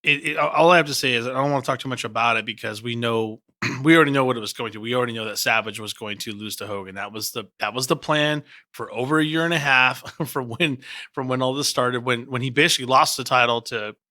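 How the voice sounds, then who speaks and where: Man, podcast co-host, relaxed casual chat, bright voice, dry sound. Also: mid-range voice, fast, no echo. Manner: relaxed, conversational, thinks aloud with restarts.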